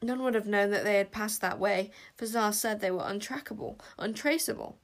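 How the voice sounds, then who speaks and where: A woman reading a children's fantasy story aloud with expressive narration. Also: medium pitch, normal speed. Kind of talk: audiobook narration.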